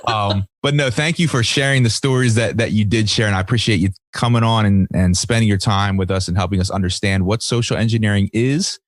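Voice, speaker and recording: A man's voice: on the low side, no echo, studio quality. A man hosting a podcast interview, easygoing and a little hesitant as he wraps up. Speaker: podcast host. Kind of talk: casual interview chat.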